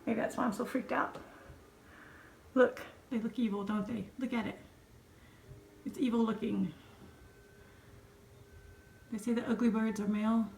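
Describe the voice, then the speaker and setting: A woman filming a casual vlog inside her house, excitable, flustered and a little breathless. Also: a little high, unhurried, creaky, long pauses. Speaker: vlogger. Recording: echoey room with faint background noise.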